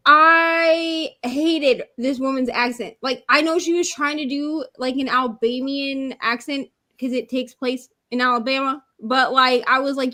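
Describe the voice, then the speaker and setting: A woman with a Minnesotan accent, hosting a casual livestream chat in an animated, emphatic and opinionated way over a video call. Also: high-pitched, measured pace, few pauses. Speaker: readathon host.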